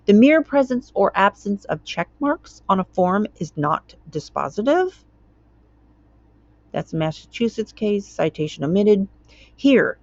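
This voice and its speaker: A woman's voice: lowish voice, no echo, lo-fi sound. A woman hosting her own channel, reading a court document aloud and commenting on it in a chatty way, tripping over words and wandering into tangents.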